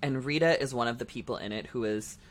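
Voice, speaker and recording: A man's voice: medium pitch, quick pace. A man co-hosts a casual podcast, talking through his thoughts in a loose, rambling way. His speech is packed with filler words as he circles back on himself. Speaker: podcast co-host; drag performer. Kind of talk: casual chat.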